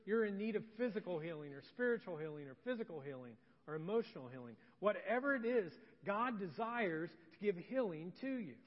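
High-voiced man preaching in a church hall. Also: dull audio. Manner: storytelling, shifting from loud to soft and intimate. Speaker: pastor. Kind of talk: sermon. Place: church sanctuary.

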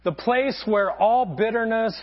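High-voiced pastor preaching slowly. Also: male voice. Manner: storytelling, earnest, with pauses. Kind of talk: sermon. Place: church sanctuary. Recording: dull lo-fi sound.

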